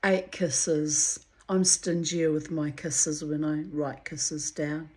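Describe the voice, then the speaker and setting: A woman with a lowish voice reads her old diary entries out loud to her viewers, taking her time over each line. She is candid and chatty between entries, swears freely and clears her throat often. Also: little pitch movement, slow. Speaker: vlogger reading her old writings to viewers. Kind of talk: reading diary entries aloud with chatty asides.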